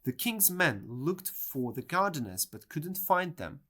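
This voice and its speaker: A reader narrating a storybook in a clear, measured way. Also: mid-range voice, very animated, bright, forceful tone. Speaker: audiobook reader.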